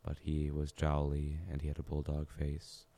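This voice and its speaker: A man's voice: rumbling low, monotone, moderate pace, mellow. A man wryly recounting a cranky old politician, ending a radio segment. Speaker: radio host signing off.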